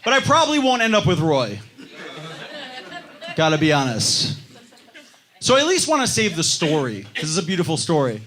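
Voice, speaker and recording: A young man doing a stand-up comedy set on a club stage, telling self-mocking stories with animated delivery. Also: fairly high pitch, moderate pace, long pauses, some chatter behind. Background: audience laughter.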